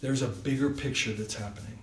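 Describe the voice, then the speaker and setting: A man speaking at an everyday pitch, telling a casual personal story at a devotional gathering. His talk is loose and full of little fillers. He sounds set back from the mic in an echoey room, with a faint hiss underneath. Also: steady tone, a little fast, a bit bright, far from the mic. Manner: loose and chatty, many fillers like "like" and "you know".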